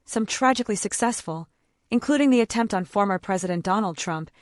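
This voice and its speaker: A woman gives grave, measured commentary in a steady, scripted delivery. The recording is dry and close. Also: mid-range voice, no room sound.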